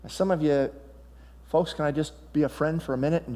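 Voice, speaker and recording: A man giving a sermon as a pastor, in an animated preaching manner that acts out Bible dialogue and asks the congregation questions. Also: a little high, brisk. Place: church sanctuary. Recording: long hall reverb.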